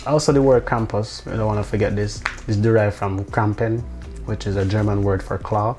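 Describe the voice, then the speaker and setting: Man, lowish voice, rambling casual monologue, faint music under it. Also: steady tone, normal speed, darkish tone. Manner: rambling, restarts often, swears, incredulous asides. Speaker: vlogger.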